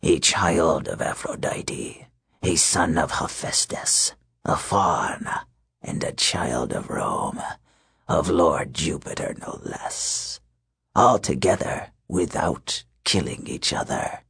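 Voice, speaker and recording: A man voicing a menacing ancient wolf king with a low, slow, breathy snarl. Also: a bit bright, no room sound, exaggerated voice.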